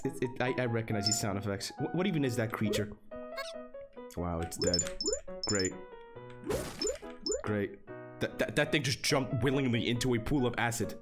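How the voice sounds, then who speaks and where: Excitable young man streaming games. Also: mid-range voice, normal speed, pauses often, music in the background. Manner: excitable, swears a lot, shouts in disbelief, mocking. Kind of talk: casual gameplay commentary.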